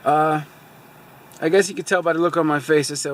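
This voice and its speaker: A man with a somewhat high voice vents in a loose, rambling way from inside a parked car, circling back with "so anyway". He sounds aggrieved and chatty, like he is telling a friend about his day. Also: steady tone, fairly quick, a little hiss or hum. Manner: rambling, repeats fillers like "so anyway"; aggrieved, venting frustration. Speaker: car vlogger. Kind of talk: casual rambling storytelling.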